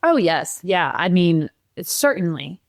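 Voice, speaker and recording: A middle-aged woman telling her own story as a podcast guest, animated and acting out the lines of other people, tearful at moments. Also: lowish voice, takes it slowly, dry recording. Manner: animated, acts out quotes, laughs while telling. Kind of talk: emotional personal storytelling.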